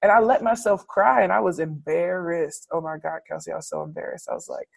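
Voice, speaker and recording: A woman preacher and teacher reflecting candidly in conversation, animated and expressive, laughing often. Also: on the low side, a little fast, vocal fry.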